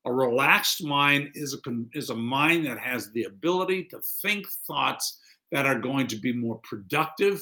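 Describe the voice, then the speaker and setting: A man's voice: medium pitch, lively intonation, moderate pace, bright, forceful tone. A middle-aged man preaching a conversational sermon as a pastor, acting out quoted lines.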